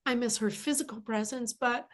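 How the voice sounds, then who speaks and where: A woman's voice: fairly high pitch, moderate pace. Earnest, emphatic spiritual woman speaker. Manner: earnest and emphatic, repeats key phrases. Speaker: spiritual teacher. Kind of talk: inspirational spiritual monologue.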